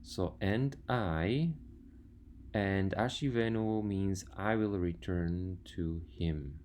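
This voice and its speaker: A man with a very low voice gives a grammar lesson over slides. He works through word lists one at a time and explains each point methodically. A faint hum sits under the recording. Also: slow pace, a little mellow. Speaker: language teacher.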